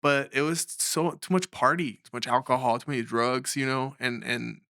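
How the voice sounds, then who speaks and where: In this storytelling interview, the guest is a young filmmaker from Mexico who narrates energetically, slipping into impressions of the people he quotes. He speaks at medium pitch and normal speed, his tone bright and clear, and the close, dry recording carries no echo.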